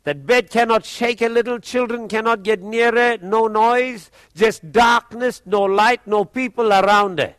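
A man with a notably high voice for a man tells a personal testimony, chuckling often even through grave moments and slipping into the voices of the people he quotes. The sound is close and dry, with no room ring around it. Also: unhurried, hardly any pauses, smooth, no room sound. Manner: chuckles often while telling a grave story; acts out quoted people in his own voice.

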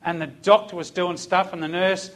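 An older Australian man, a police officer, telling a lively testimony story in church and acting out the voices. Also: high voice, moderate pace.

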